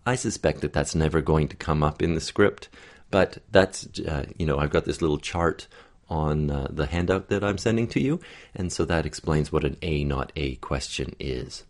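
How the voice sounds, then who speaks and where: Male dialect coach, very low voice, patient explanatory delivery with spoken demonstrations. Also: moderate pace. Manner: explanatory, demonstrates sounds aloud. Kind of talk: accent coaching lesson.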